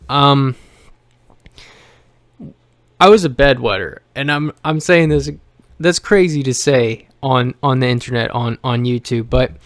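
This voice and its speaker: Brief: male vlogger, raw profane rant, smooth clear voice, dry close sound. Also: mid-range voice, no echo. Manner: blunt, heavily profane, emotional venting; rambling with frequent restarts. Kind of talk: personal rant to camera.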